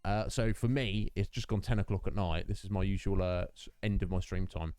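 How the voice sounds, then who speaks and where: A man's voice: low-pitched, steady tone, a little fast, darkish tone, clean tone, no room sound, clean studio sound. A British man in his thirties, a full-time streamer chatting casually and laughing with his viewers. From United Kingdom.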